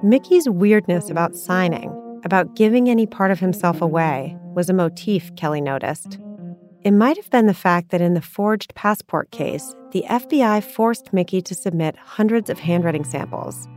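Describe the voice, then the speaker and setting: Low-voiced female narrator, scripted podcast read over faint music. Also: moderate pace, darkish tone.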